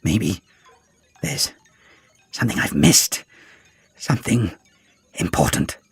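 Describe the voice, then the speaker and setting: Man playing a low-voiced, earnest hero, quiet, halting, troubled, husky, dry close sound. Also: very animated, no room sound, soft background music, full character voice. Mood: pondering. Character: worried male hero, a time traveller, earnest.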